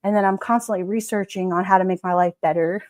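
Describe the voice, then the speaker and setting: A woman's voice: mid-range voice, fairly even intonation, fast, a little mellow, no echo. A woman hosting a live stream, chatting casually and rambling with her viewers, often giggling.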